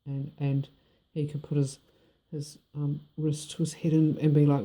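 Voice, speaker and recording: A woman's voice: sits low, level tone, unhurried, few pauses, warm tone. A middle-aged woman with a New Zealand accent, talking frankly in a rambling personal vlog and not shy of swearing. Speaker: vlogger. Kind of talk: personal monologue.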